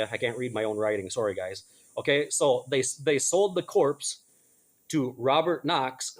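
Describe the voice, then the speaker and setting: A middle-aged man giving blunt, casual commentary, stumbling over names and correcting himself as he goes. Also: mid-range voice. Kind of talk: casual commentary reading news aloud.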